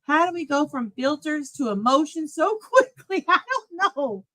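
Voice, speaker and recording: A woman streamer giving casual reaction commentary on a clip, animated, laughing and talking back to it. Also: high voice, normal speed.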